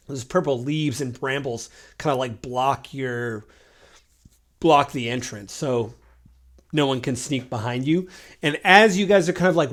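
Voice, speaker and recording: A man narrating a tabletop game as game master, in a loose, rambling way full of fillers. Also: on the high side.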